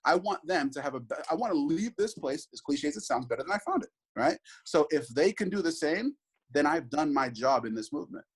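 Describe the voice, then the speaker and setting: A man's voice: fairly high pitch, lively intonation, a little fast, slightly rough, poor audio. A man in his thirties, a father, talking earnestly in an interview, reflective and full of restarts and asides. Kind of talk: conversational interview.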